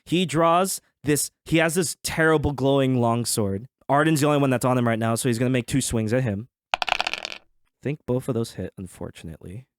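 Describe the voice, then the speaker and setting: A man acting as game master, narrating a tabletop fantasy game in a relaxed, chatty way with many hesitant fillers. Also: medium pitch, moderate pace, slight background noise.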